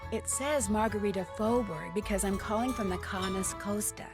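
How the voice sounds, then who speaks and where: A woman plays an earnest teenage girl detective in a video game, polite and plain-spoken at a middle pitch. Faint game music sits under her lines. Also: normal speed, close to an everyday voice. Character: young female teen detective, polite and earnest.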